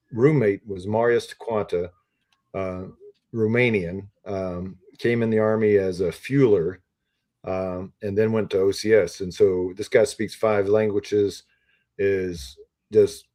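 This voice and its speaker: A man's voice: lowish voice, warm tone. A retired Army officer in his fifties, a podcast guest telling stories in a rambling way full of ums and uhs. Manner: rambling, filler-heavy storytelling with many ums and uhs. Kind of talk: casual storytelling interview.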